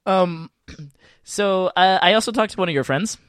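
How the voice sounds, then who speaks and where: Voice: medium pitch, a little slow, fairly bright tone, no room sound, clean studio sound. A podcast host interviewing a guest in a casual, playful way.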